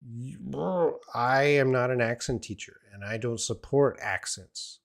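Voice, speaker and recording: A man's voice: mid-range voice, moderate pace. A man teaching English in a live-stream Q&A from home, answering viewers in a blunt, opinionated, teasing way.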